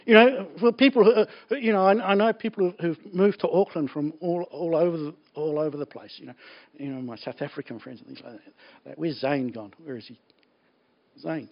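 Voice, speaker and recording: A man preaching a sermon in an animated, joking way, laughing often. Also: sits high, brisk. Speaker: pastor. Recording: dull lo-fi recording.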